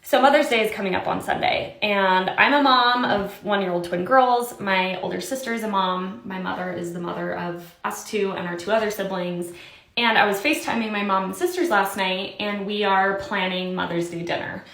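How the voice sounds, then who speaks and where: A woman and mother talking about her family in a frustrated personal vlog, halting with many fillers and crying. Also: mid-range voice, fairly bright tone, roomy sound. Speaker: mother sharing a personal video.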